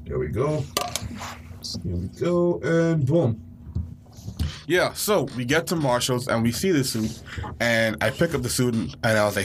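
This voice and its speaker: A man from the Bahamas telling a story on a podcast, full of life and quick to leap into high, frantic yelps when he replays his own panic. A faint hiss of noise sits under his voice. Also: animated. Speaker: podcast co-host. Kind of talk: casual storytelling.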